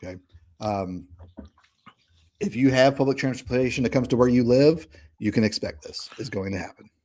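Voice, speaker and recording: At a moderate pace, a middle-aged man from Kentucky with a mid-range, slightly mellow voice and a Southern accent chats about politics as a podcast co-host. His manner is earnest and folksy, with restarts and tag questions throughout.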